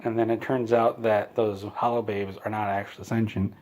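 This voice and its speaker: A man with a fairly low voice tells a rambling comedic story. He drifts and interrupts himself, and his delivery stays dry and offhand. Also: little pitch movement, normal speed, darkish tone. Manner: meandering, self-interrupting, dry. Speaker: comedy channel host.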